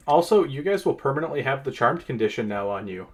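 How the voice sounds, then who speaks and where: Lively male game master. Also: medium pitch, fairly quick. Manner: lively, explains rules at length with frequent fillers. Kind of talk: narrating a tabletop game.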